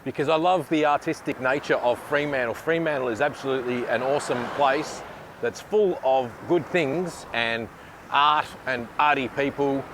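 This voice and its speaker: An Australian man with a mid-range voice speaks at normal speed in his walk-and-talk vlog, background noise audible throughout. He films himself by hand in a bakery and on a city street, rambling happily and saying thank you a lot.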